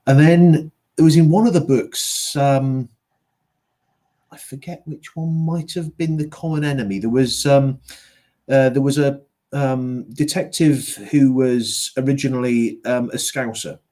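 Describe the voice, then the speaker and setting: A man's voice: medium pitch, fairly even intonation, measured pace, dark tone. A man who narrates audiobooks, chatting casually and hesitating with many ums as he recalls details. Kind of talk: casual conversation.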